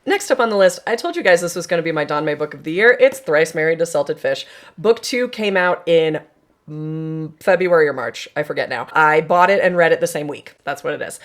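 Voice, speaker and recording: Casting note: young adult woman, book vlogger, casual frank chat, slightly low pitch. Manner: chatty, frank, frequent "like" fillers.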